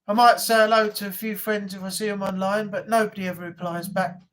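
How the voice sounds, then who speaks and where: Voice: medium pitch, level tone, a little fast, fairly bright tone. A livestream host, chatting casually and rambling through anecdotes, often laughing at their own stories. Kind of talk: casual live chat.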